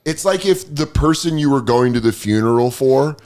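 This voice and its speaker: Animated man telling a comic story. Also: medium pitch, moderate pace. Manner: animated storyteller, acts out quoted people with voices. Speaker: podcast host. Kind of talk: casual comedic chat.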